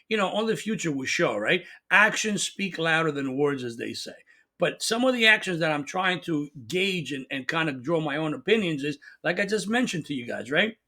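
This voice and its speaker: Man, middle-aged, high voice, bright and forceful, excitable opinion monologue, restarts and asides. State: coughing at times. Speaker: channel host.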